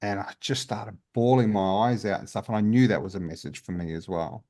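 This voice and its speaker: A man's voice: on the low side, a little fast, warm tone. A man, a guest healer, telling his story in a casual interview in an earnest, open way with many restarts.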